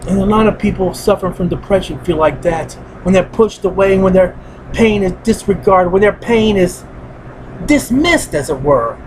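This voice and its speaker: Earnest man with a high voice, heavy-hearted solo monologue that circles back to the same points. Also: normal speed, a little mellow, slight background noise, poor audio. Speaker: vlogger. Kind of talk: personal spoken monologue.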